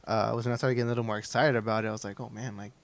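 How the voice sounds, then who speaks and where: A man's voice: medium pitch, flat delivery. A young man co-hosting a podcast, chatting loosely and laughing as he talks. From South Texas. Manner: laughing, loose and chatty, reads plugs off quickly. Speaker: podcast co-host. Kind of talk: casual chat.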